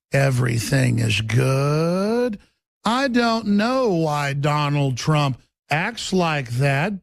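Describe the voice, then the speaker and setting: A man putting on an impression of a woman politician, speaking very slowly in a calm, soothing tone. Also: fairly high pitch, dry recording, exaggerated voice. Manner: very slow, calm, soothing delivery.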